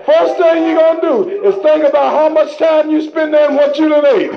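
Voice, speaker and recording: A man with a strikingly high voice preaches a sermon, fervent and colloquial, firing rhetorical questions at the congregation. The recording is dull and lo-fi. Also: fairly even intonation, normal speed, vocal fry.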